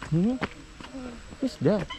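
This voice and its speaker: A woman's voice: extremely slow, background noise. A woman outdoors in a nature park, talking to a baby in a sing-song, coaxing way and pointing things out. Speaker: parent showing a baby around. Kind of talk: casual baby talk.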